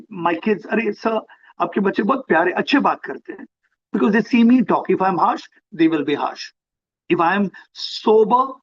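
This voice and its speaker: A middle-aged Indian-accented man speaks to parents in a fairly high voice, repeating phrases and acting out little scenes. The sound is dull and lo-fi, as heard through a video call. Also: breathy edge. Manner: animated, repeats himself, acts out parents and children. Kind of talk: motivational talk on a video call.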